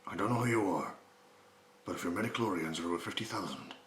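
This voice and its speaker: A man impersonating a menacing male action star, with a growling, low, mumbled voice and an Irish accent. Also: fast talker, a bit bright, slight background noise. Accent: Irish, put on. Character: gruff, threatening middle-aged male action star. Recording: roomy echo.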